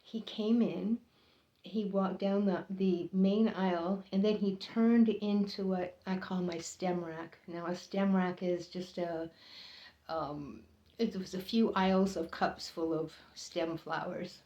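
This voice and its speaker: A woman telling a personal story in an earnest, halting way, often pausing and repeating herself as the feeling builds. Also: steady tone, dark tone. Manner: earnest, halting, emotional, voices others' lines higher. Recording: roomy, slightly dull recording.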